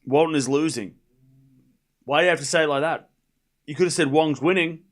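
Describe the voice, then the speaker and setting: A man's voice: on the high side, fairly quick, long pauses. A young man streaming a live tennis watchalong, calling points casually and teasing his chat. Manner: relaxed, teasing with chat, breaks into laughter. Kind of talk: casual live play-by-play commentary.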